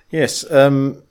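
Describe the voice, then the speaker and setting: Male co-host, dry wit, unhurried and chatty. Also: medium pitch. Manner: dry, wry asides with frequent ums. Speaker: podcast co-host. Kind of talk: casual chat.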